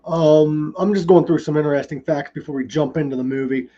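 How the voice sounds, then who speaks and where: A man's voice: on the high side, steady tone, a little fast, warm tone, dull audio. A man hosting a casual podcast, reading film trivia with many ums. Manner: reads trivia with frequent ums. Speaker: podcast host.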